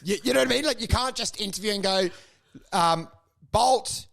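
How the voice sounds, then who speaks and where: A man's voice: high-pitched, fast, creaky, bright, forceful tone. A man co-hosting a comedy podcast, swearing freely and riffing in mock voices. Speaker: podcast co-host. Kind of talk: casual comedic chat.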